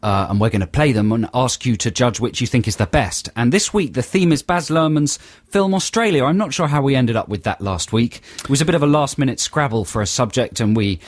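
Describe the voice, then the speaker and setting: A man's voice: mid-range voice, fairly quick, no echo. A man co-hosting a comic radio show in a studio, reading listener emails with dry asides and playful impressions. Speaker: radio co-host. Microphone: studio microphone.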